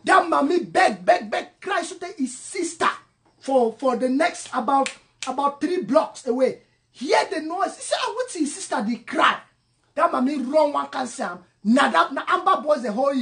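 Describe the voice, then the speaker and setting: A woman with a Cameroonian English accent mixed with Pidgin, delivering an impassioned monologue, emphatic and repetitive, swinging between loud and soft. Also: high-pitched, lively intonation, normal speed, gravelly. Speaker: online commentator.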